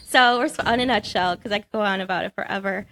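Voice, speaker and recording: A woman guest on a radio interview, telling a story in an animated, expressive way. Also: medium pitch, fast talker, a little hiss or hum. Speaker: award-winning student scriptwriter guest. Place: radio studio.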